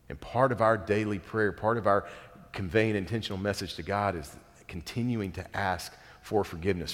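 Pastor, male, 30s, low voice; conversational sermon with a long hall reverb. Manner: conversational, earnest, self-deprecating asides.

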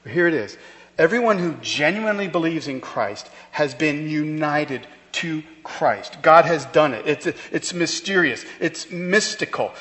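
A man's voice: fairly high pitch, lively intonation, measured pace, fairly bright tone. A pastor preaching a sermon to his church, emphatic and conversational, with rhetorical questions. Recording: long hall reverb.

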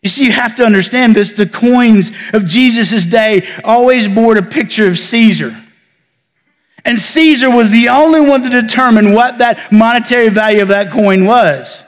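A man pastor preaching a sermon, building emphasis and then falling to soft near-whispers. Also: very high-pitched, moderate pace, in a large hall. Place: church sanctuary.

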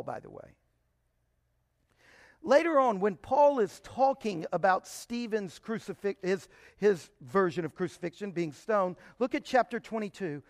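A man's voice: high-pitched, creaky, dry recording, studio quality. A man giving an emphatic Bible teaching, often posing rhetorical questions to his listeners.

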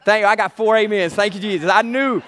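A man's voice: high-pitched, fast, fairly bright tone. A man preaching a sermon as pastor, emphatic and repetitive, calling out to his congregation.

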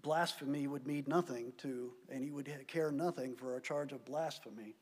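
A man preaching a sermon, stressing key words loudly and then dropping to quiet asides. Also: medium pitch, normal speed, breathy edge. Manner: emphatic preaching, swinging between loud stresses and quiet drops. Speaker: pastor. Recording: long hall reverb.

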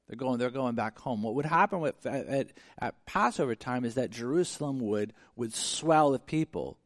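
A man with a somewhat raised pitch preaching in a relaxed, conversational way. He leans on fillers and acts out little everyday exchanges while he explains. The sound is dry and close, with no room echo. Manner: conversational, animated storytelling with many fillers. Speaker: pastor. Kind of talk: sermon.

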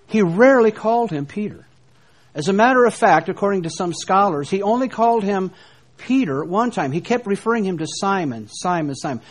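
A man teaching a sermon on scripture, speaking slowly and deliberately with dramatic pauses as he reads verses aloud. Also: high-pitched. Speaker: preacher.

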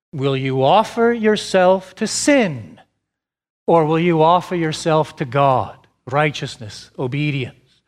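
A pastor in his thirties preaches with a slightly high voice. He takes his time, spacing out each rhetorical question and letting it land before moving on. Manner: slow, deliberate preaching with repeated rhetorical questions. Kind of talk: sermon.

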